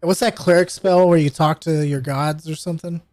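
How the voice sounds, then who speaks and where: A man playing in a tabletop game, joking and quick to laugh in casual chat. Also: a little high, steady tone, a little mellow, no echo. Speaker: player.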